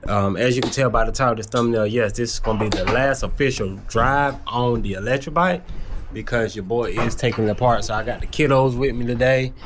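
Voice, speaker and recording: A man's voice: mid-range voice, fairly quick, noisy background. A young man, chatting casually to viewers as a vlogger, recorded outdoors. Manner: laid-back, talks straight to viewers. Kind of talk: casual vlog chat.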